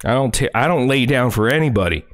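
A man's voice: medium pitch, lively intonation, fast, a bit bright. A man livestreaming, ranting furiously and confrontationally, full of profanity. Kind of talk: angry livestream rant.

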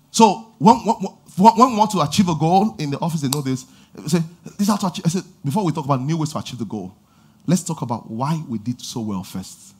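Animated pastor, husky voice. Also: male voice, on the high side. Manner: animated preaching with sudden loud exhortations and acted quotes. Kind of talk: sermon. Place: church auditorium.

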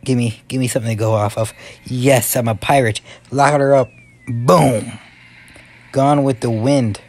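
A young man giving excitable let's-play commentary, yelping and muttering to himself as he plays. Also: medium pitch, normal speed. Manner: excitable, yelps and mutters to himself while playing. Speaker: gaming YouTuber.

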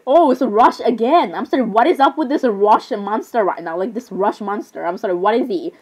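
Chatting fairly quickly in a somewhat high, slightly rough voice, a young woman gamer gives casual commentary as she plays. She giggles a lot, trips over her words, and rambles with "literally" and "I'm sorry" asides in her reactions.

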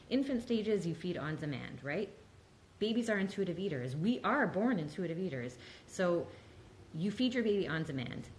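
A woman's voice: lowish voice, a little hiss or hum, low-quality recording. A woman counselor giving a casual, emphatic talk, often saying "like" and "right?". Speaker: mental health counselor.

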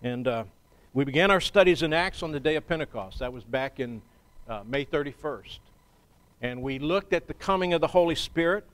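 Slightly high-voiced male pastor preaching. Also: lively intonation. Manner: measured, conversational preaching with frequent pauses. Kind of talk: sermon. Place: church.

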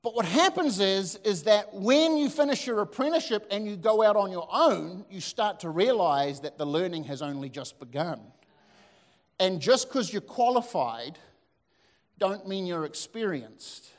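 A man, preaching a sermon as a pastor, telling lively stories with asides to the congregation. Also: high-pitched, measured pace. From New Zealand. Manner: animated storytelling with asides to the audience. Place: church hall. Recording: long hall reverb.

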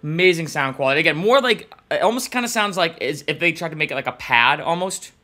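A man's voice: on the high side, lively intonation, fast talker. A man hosting a casual plugin review show, chatting informally with fillers as he demonstrates sounds. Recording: trumpet music behind voice.

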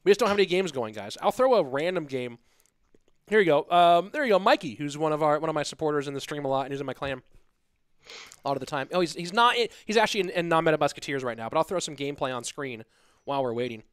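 A man hosting a live stream from home, chatting loosely with his viewers. His voice sits somewhat high and sounds dry and close. He rambles and jokes between tasks. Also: expressive, fast, a bit bright, clean tone, no room sound. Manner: rambling, joking, talks straight to viewers. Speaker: stream host and caster. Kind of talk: casual live-stream commentary.

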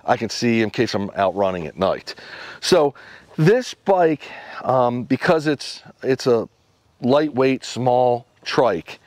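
A man's voice: mid-range voice, expressive, slow pace, a little mellow, no echo. A man casually demonstrating and explaining his homemade dog sled vehicle in a workshop, in a rambling way with restarts and fillers. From USA.

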